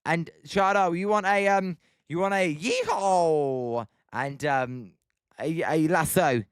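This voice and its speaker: A British man hosting a live stream, giving play-by-play commentary and chatting with viewers between pitches. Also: measured pace, clear, resonant tone, dry recording, studio quality.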